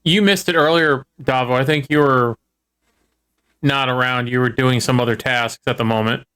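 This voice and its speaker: A man's voice: mid-range voice, steady tone, moderate pace, bright, forceful tone, smooth. Man with dry, wry quips. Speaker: podcast co-host. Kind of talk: casual comedy podcast chat.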